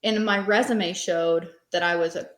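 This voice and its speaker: A woman in her thirties with a lowish, fairly even voice, speaking at normal speed, shares her story as a podcast guest in a casual interview. She owns a small business and rambles in a chatty way packed with fillers, and the recording sounds echoey.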